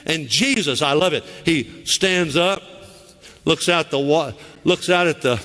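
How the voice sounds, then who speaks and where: A middle-aged man with a Southern US accent preaching a lively sermon as pastor in a church, acting out quoted voices with sharp high cries. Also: measured pace. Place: church sanctuary. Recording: church sanctuary with long reverb.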